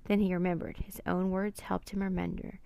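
A woman narrating a children's storybook in a steady, plain reading voice. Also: fairly low pitch, brisk, vocal fry, no room sound.

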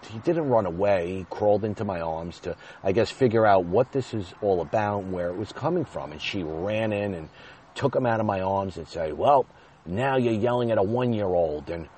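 A man's voice: sits low, darkish tone, a little hiss or hum. A man in his thirties telling a personal story in a candid, confessional way, rambling at times.

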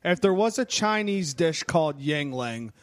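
Animated, higher-voiced young man. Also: no room sound. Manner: excitable, jokey, quick to laugh. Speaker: podcast co-host. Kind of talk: casual chat. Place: home kitchen.

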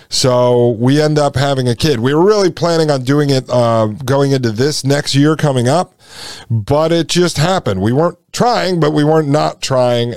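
A man in his forties, a podcast host, telling a personal story in a relaxed conversational way and speaking straight to his listeners. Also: medium pitch, no room sound, studio quality. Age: 40s. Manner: conversational, addresses listeners as folks.

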